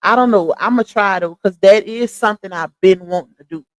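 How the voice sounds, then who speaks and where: A woman's voice: mid-range voice, brisk, no room sound. A young woman with a Louisiana Southern accent, chatting casually with her livestream viewers and laughing often. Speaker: livestream host.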